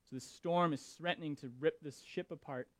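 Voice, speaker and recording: A man preaching who reads scripture and comments on it in an animated, emphatic way, often repeating his words. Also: fairly high pitch, brisk, no room sound. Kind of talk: scripture reading and sermon commentary.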